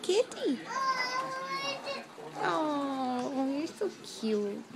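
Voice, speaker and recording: Slow, cooing high-voiced young mother. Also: very animated, very noisy. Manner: sing-song, cooing and praising, repeats words for the child. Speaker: mother filming her toddler. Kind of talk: home video baby talk.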